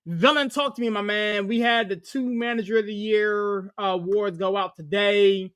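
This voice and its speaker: A man's voice: sits high, fairly even intonation, moderate pace, fairly bright tone, clean tone, no echo, clean studio sound. A man hosting a sports podcast, upbeat and slangy as he hands the floor to his co-hosts. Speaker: podcast host.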